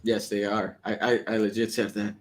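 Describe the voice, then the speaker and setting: A man in casual podcast chat, telling stories in an animated, profane way. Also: fairly low pitch, moderate pace.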